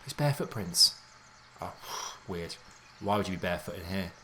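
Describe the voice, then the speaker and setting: A man giving let's play commentary on a game, excitable and jumpy, thinking aloud in casual slang. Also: deep voice, normal speed, noisy background. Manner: casual slangy talk, says mate and dude. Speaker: gaming YouTuber.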